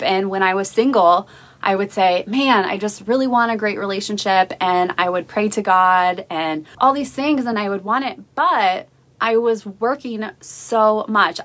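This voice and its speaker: A woman's voice: medium pitch, a bit bright. A young adult woman hosting a motivational podcast, talking in an upbeat, encouraging storytelling way over a livestream recording. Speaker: podcast host. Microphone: livestream video recording. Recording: faint music behind, Facebook Live audio.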